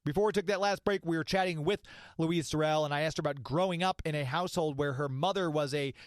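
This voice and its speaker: A man's voice: fairly high pitch, quick pace, no room sound, clean studio sound. A man hosting an interview podcast, asking long rambling questions with many fillers. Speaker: podcast host. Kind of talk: casual interview.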